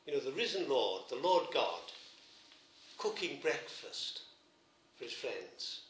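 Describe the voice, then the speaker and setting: A man, a priest, preaching a sermon, retelling a gospel story gently with emphatic repetitions. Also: medium pitch, big pitch swings, slow pace, echoey room, a little hiss or hum.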